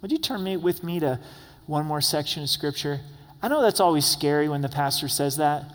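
A man's voice: a little high, a little fast. A male pastor delivering a sermon, reading scripture aloud verse by verse and addressing the congregation directly with light humor. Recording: long echoey hall reverb.

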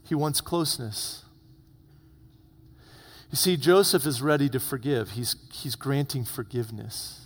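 Slow-speaking pastor in a reverberant hall. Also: male voice, medium pitch, slightly rough. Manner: dramatic storytelling, drops to hushed tones. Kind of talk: sermon. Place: church. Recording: long reverb of a church hall.

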